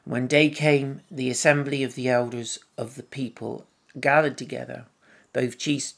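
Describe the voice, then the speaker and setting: Guy giving a sermon, gravelly voice, reads the passage then mulls it over softly. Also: medium pitch, fairly even intonation, moderate pace. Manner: reads scripture aloud, then muses on it; gentle and reflective, many soft asides. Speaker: preacher.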